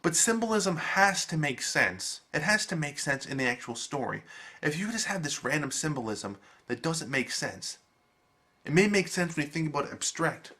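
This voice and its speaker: A man giving a casual video review, animated and emphatic, swearing freely. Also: on the high side.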